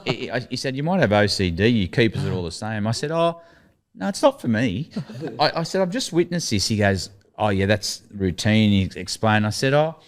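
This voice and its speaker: A middle-aged man with an Australian accent and a lowish voice, chatting casually as a guest. He spins animated anecdotes, often chuckling mid-sentence and putting on the voices of the people he quotes. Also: moderate pace. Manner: lively anecdotes, laughs through his stories, acts out quoted lines. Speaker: guest, former cricketer. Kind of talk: casual storytelling chat.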